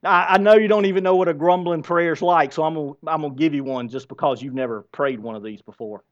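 A man in his forties preaching a sermon in a conversational way, asking the congregation questions and swinging between loud emphasis and hushed asides. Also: fairly high pitch, fast, muffled recording. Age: 40s. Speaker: pastor.

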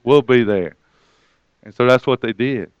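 A man delivers a sermon as a story, quoting others by pitching his voice higher. His voice is smooth and clear. The recording is dry and a little dull. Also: a little slow, no room sound. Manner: retells conversations, quoting others with rising pitch. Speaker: preacher.

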